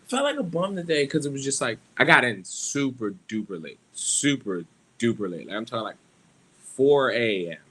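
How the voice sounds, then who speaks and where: A man's voice: medium pitch, big pitch swings, normal speed, a bit bright, slight background noise. A young man hosting a casual solo livestream, rambling and joking at his own expense, swearing freely and laughing often. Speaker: livestream host.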